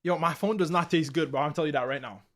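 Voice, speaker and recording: A man's voice: fairly high pitch, fast talker, fairly bright tone. A young man casually hosting a live football ranking stream, chatting loosely and reacting to viewers' comments with slang. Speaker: livestream host.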